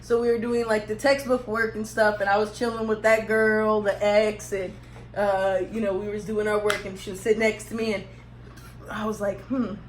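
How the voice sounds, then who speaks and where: In an echoey room with a faint hum behind her, a young woman tells a casual storytime vlog at normal speed. Her voice is medium-pitched and flat, though she rambles, laughs, and teases herself along the way.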